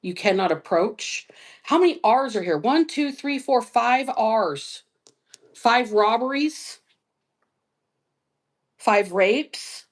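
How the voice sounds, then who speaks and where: Slow, musing woman giving a live reading. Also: on the high side, lively intonation. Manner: slow, musing, spells out letters. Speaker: psychic reader. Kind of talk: live-stream dice reading.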